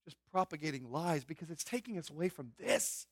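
A man preaching a sermon, asking his listeners questions and swinging from loud outbursts to hushed asides. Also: a little high, brisk, dry recording, clean studio sound. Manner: asks the congregation questions. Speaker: pastor.

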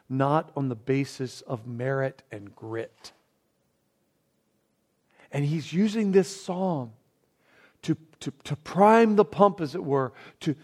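A high-voiced man delivers an expository Bible sermon, sinking into hushed, reverent passages before rising into raised, emphatic bursts. He repeats words and phrases as he builds each point.

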